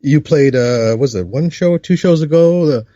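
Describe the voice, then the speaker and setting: A man co-hosting a podcast in casual chat, rambling with many restarts and laughs, high. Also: normal speed, mellow, dry recording, highs cut off. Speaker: podcast co-host.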